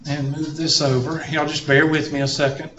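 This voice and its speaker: This math lecture comes in a slightly high, somewhat bright voice with little pitch movement, at a moderate pace, over slight background noise. The instructor drifts into folksy jokes and stories, and the room sounds dull and roomy.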